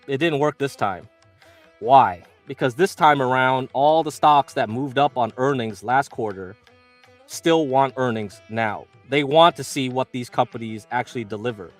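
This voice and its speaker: A man's voice: medium pitch, normal speed, faint music behind. A man hosting a livestream about the stock market, talking loosely to his viewers as "you" and acting out how panicked traders feel, swearing now and then. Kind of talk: casual market commentary.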